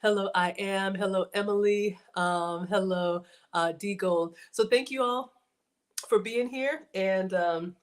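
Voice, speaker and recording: A woman's voice: mid-range voice, slow pace. A woman in her forties hosting a casual livestream, chatting to her viewers in a folksy way and calling them y'all. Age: 40s. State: out of breath. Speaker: livestream host.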